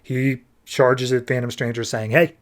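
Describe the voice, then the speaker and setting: A man casually summing up a comic book issue for a podcast, tossing off quick loose voices for the characters as he goes. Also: mid-range voice, a little mellow.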